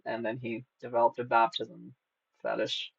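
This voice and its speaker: A man's voice: medium pitch, monotone, normal speed, vocal fry, a bit bright, slightly rough, dry recording. A man chatting on a live stream, playful and teasing, prone to giggles. His voice sits in a middle range, and the recording has a slightly dull, lo-fi quality. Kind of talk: casual live-stream chat.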